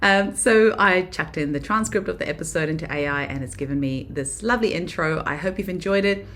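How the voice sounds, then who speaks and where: A woman with a fairly low voice opens her podcast by reading a scripted introduction. She keeps a measured pace and lets her phrases fall away softly at the end before breaking into relaxed chat. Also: slight background noise. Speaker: podcast host. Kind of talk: reading a scripted episode intro, then chatting.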